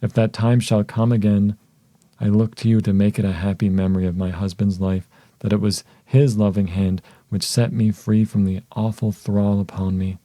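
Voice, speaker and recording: A man voicing a devoted young wife in an audiobook, soft and measured, with a very mellow, low voice. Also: level tone, no echo, close to an everyday voice. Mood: solemn tender.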